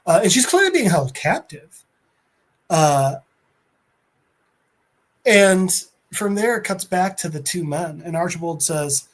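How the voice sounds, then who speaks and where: A man's voice: high-pitched, slow, pauses often. Enthusiastic man retelling a comic. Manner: animated, enthusiastic storyteller. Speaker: podcast co-host. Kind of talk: casual chat, retelling a comic.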